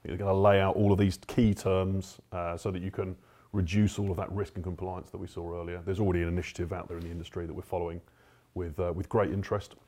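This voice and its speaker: A man's voice: deep voice, little pitch movement, fast talker, dark tone. A man with a South African accent, explaining things steadily as an expert guest on a panel. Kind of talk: panel discussion.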